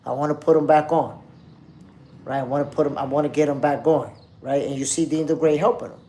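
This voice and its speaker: A man's voice: a little high, steady tone, brisk, mellow. A man hosting a live boxing stream, chatting casually and reading viewer comments in loose slang. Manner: loose slangy street talk, addresses chat directly.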